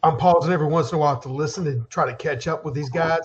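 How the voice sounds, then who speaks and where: A man's voice: a little high, racing. A man playing a tabletop role-playing game, bluntly describing his character's actions in first person. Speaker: player. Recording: dull lo-fi sound.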